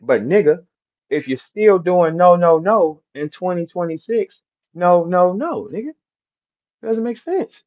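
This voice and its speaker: A man's voice: high voice, lively intonation, measured pace, phone-quality sound. A man from St. Louis with a St. Louis accent, boasting and trash-talking in a brash, repetitive live-stream rant. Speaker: battle rapper hosting a live audio room.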